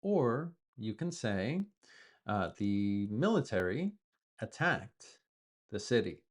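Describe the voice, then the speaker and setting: A man's voice: fairly low pitch, very animated, slow. A man teaching English, explaining word use patiently with repeated examples as a native speaker. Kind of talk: explaining vocabulary from the news.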